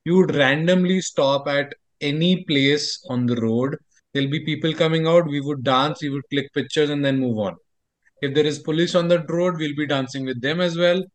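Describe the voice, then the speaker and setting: A man's voice: on the high side, normal speed, no echo. A man in his thirties from India, chatting casually as a podcast co-host and telling stories in a rambling, hesitant way. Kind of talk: casual chat.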